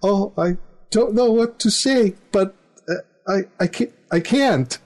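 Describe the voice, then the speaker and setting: A man voicing a hesitant young daughter with a put-on Eastern European accent, halting and reluctant. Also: sits high, a little mellow, pitched above the performer's own voice.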